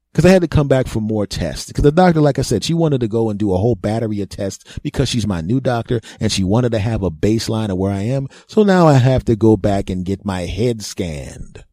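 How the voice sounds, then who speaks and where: A man's voice: on the low side, animated, moderate pace, mellow, dry recording, clean studio sound. A man hosting a podcast, telling a funny story in a self-mocking monologue and laughing at his own jokes. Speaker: podcast host.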